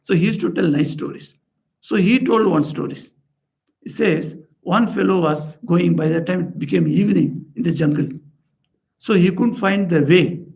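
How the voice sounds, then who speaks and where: A man's voice: moderate pace, gravelly, a little mellow. A man, a swami telling parables in an earnest sermon, raising his voice for the characters he quotes. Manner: earnest storyteller, lifts pitch for quoted characters. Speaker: swami giving a spiritual talk. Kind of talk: storytelling sermon. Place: society house room.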